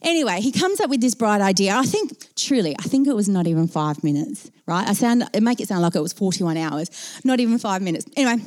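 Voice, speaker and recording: A woman telling a personal story to an audience, self-mocking and animated, acting out her own panic in quoted speech. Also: medium pitch, fast talker. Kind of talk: anecdote told to an audience.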